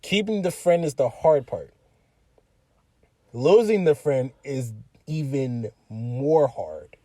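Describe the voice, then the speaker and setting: A man's voice: mid-range voice, animated, takes it slowly, mellow, no echo. Blunt young man chatting in a car. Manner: blunt, repeats his points, teasing. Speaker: podcast co-host. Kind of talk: casual chat. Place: inside a car.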